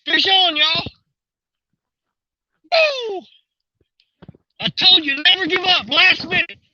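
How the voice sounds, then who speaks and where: A man, out of breath, giving excited live commentary to viewers while reeling in a fish outdoors. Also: very high-pitched, moderate pace, no room sound, dull audio. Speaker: fishing vlogger. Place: outdoors at the water's edge.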